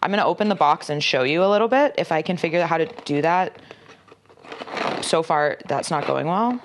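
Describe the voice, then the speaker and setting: A woman's voice: low-pitched, animated, brisk, noisy background. A woman chatting casually through an unboxing, rambling with lots of filler words and self-mocking jokes. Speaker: magazine staffer presenting an unboxing.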